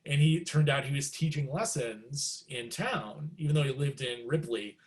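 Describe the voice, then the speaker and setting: A middle-aged man, a guest musician, telling stories in a casual interview and acting out quotes with big jumps in pitch. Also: normal speed, slight background noise.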